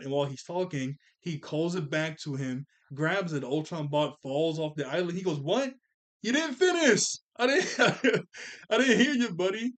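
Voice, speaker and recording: A man recapping a movie in casual chat, rambling with lots of "like" and "you know" and chuckling often. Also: a little high. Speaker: movie commentary vlogger.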